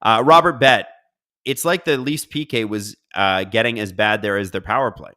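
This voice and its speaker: A man's voice: fairly low pitch, normal speed, pushed and bright. A man hosting a casual live stream, reading viewer comments aloud and riffing on them in a chatty way. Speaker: livestream host.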